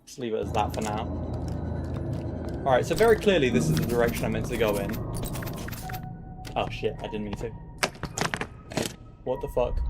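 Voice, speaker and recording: A young man giving casual gameplay commentary as a streamer, swearing and bursting out in excited jokes. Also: medium pitch, moderate pace, long pauses. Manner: swearing, excitable, joking outbursts. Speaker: gaming streamer. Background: loud game music.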